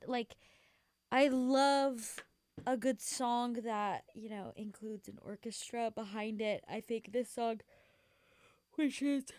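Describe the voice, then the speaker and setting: A woman's voice: mid-range voice, no room sound. A young woman hosting a radio show, chatting casually and rambling between songs while sleepy and yawning, gushing with many fillers. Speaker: radio host.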